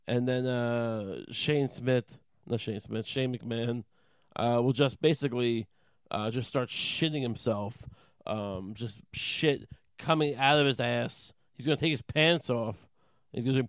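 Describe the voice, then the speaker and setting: A man doing a rambling comic monologue, deadpan and crude, halting with many fillers. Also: mid-range voice, clear, resonant tone, no room sound, studio quality. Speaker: comedian.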